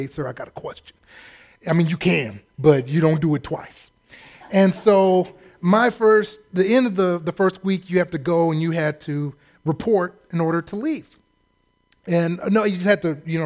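A man preaching a sermon as a humorous personal story, self-deprecating and acting out shouted drill-staff voices. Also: a little high. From California, US.

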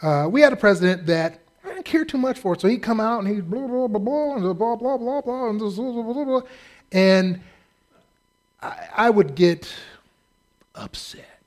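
A man's voice: high voice, animated, normal speed. A man preaching a sermon as pastor, humorous and acting out the voices of the people in his stories. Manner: humorous, acts out quoted voices.

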